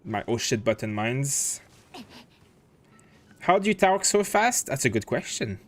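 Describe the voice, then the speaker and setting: A man with a mid-range, sing-song voice speaks unhurriedly while hosting a casual gaming livestream. He thinks aloud as he plays and answers chat questions, using plenty of fillers in his commentary.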